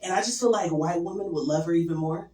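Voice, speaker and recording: A young woman doing a stand-up set, crude and deadpan, with lots of "um" and "like". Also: on the low side, fast talker. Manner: crude, deadpan, filler-heavy. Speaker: stand-up comedian. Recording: echoey room from far off.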